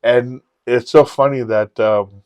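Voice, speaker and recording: A man's voice: medium pitch, takes it slowly, smooth, no room sound. Candid, profane man telling stories. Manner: candid, profane, animated storyteller. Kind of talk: casual storytelling chat.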